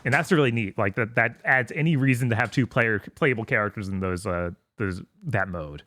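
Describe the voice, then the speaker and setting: A man's voice: on the low side, brisk, bright, forceful tone, no echo. A man co-hosting a gaming podcast, talking casually with many fillers and restarts. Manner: hesitant, filler-heavy. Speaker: podcast co-host. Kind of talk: casual chat.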